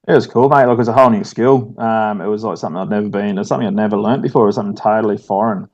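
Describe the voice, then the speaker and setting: A man's voice: lowish voice, racing, darkish tone, no echo, lo-fi sound. A middle-aged Australian man, a firefighter and former soldier, chatting casually with lots of fillers and "mate". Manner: laid-back, many fillers, says "mate" often. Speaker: guest, firefighter and army veteran. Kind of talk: casual podcast chat.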